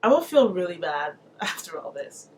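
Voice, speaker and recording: A woman hosting a reaction video, commenting in a playful, sassy and animated way. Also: on the low side, moderate pace, background noise.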